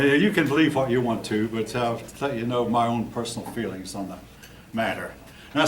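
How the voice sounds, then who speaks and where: An older man teaches a history class, lecturing plainly and tossing blunt, opinionated asides to his students. His voice is mid-range, with a little hiss or hum on the recording, which was captured from a distance in a roomy classroom.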